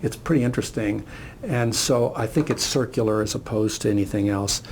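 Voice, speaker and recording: Gravelly older man telling a story. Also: fairly low pitch, a little fast, a little mellow, a little hiss or hum. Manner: reflective, storytelling. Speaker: speaker. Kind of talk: motivational talk, storytelling.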